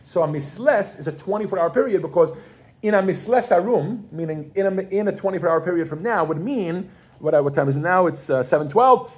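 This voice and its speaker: A pregnant woman teaching Yiddish to a class, animated and casual, quizzing her students with frequent questions. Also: on the low side, brisk. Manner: casual, with fillers and restarts. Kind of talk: classroom language lesson.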